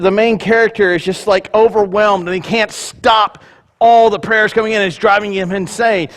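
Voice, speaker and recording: High-voiced male pastor preaching. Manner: conversational, joking asides. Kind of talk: sermon.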